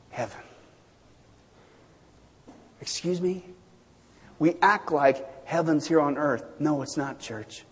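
A pastor preaching a sermon in an animated, joking way, repeating phrases for emphasis. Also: male voice, sits high, slightly rough, in a large hall.

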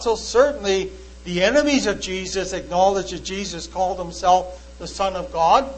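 A preacher whose man's voice sits strikingly high for a man. He talks earnestly and emphatically, quoting archaic scripture verse by verse in a sermon-style testimony. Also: normal speed, rough recording.

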